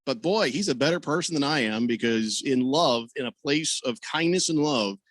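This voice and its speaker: A man hosting a sports radio talk show, telling stories in a lively way and voicing the people he quotes. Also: moderate pace, no echo. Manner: animated storyteller, voices quoted people with big pitch jumps. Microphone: studio microphone over video call.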